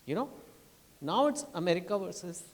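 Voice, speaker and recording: Indian-accented male speaker, fairly high voice, passionate launch-event speech, echoing hall. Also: sing-song, normal speed. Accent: Indian English. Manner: impassioned, pleading, rising to emphatic outbursts. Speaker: author speaking at a book launch. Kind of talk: public speech.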